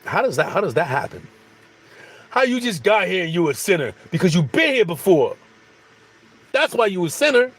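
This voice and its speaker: A man delivers a casual, rambling spiritual monologue, repeating phrases and restarting sentences. His voice is high-pitched and husky.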